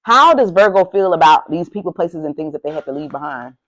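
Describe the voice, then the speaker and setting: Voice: mid-range voice, animated, a little fast, fairly bright tone, rough recording. Blunt, profane tarot reader ranting. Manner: blunt, heavily profane and emphatic; heated, ranting delivery. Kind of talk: casual tarot reading to camera.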